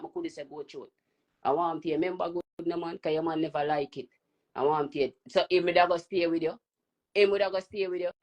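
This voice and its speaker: A man's voice: on the high side, muffled recording. Taunting Jamaican man on a live stream. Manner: loud, taunting, repetitive. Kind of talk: heated live stream rant.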